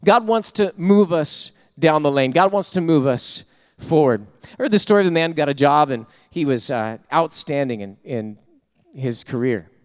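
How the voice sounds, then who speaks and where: Pastor preaching a sermon. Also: male voice, on the high side, lively intonation, normal speed. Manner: storytelling, builds to rousing call-and-response.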